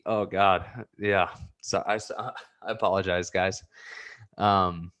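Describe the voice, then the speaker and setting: A man in his twenties speaking in a slightly low voice. He rambles in a personal vlog, earnest and openly emotional, circling back over his own phrases. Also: steady tone, takes it slowly, a bit bright. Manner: emotional, earnest, repeats himself. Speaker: vlogger.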